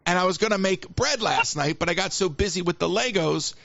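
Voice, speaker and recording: A man's voice: high voice, a little fast, gravelly, a bit bright, dry recording, muffled recording. A man hosting a live call-in show, chatting in a rambling, self-deprecating way with joking asides. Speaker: radio show host.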